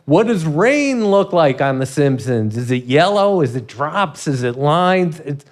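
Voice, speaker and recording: A man in his sixties, a comedy writer telling stories in an interview, animated and laughing often as he acts out quotes. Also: on the high side, a little slow. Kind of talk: storytelling in a podcast interview.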